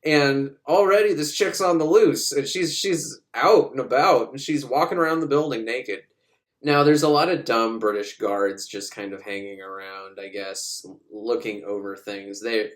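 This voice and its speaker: Man sarcastically recapping a movie. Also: medium pitch. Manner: sarcastic, profane, acts out characters in quick voices. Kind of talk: casual comedic movie recap.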